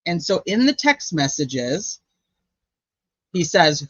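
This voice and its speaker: A man hosts a true crime channel, talking casually and chattily, with lots of "like" and "you know." His voice is fairly high, very animated, a bit bright and husky. He speaks slowly, pauses often, and the audio is dull, lo-fi and dry with no echo.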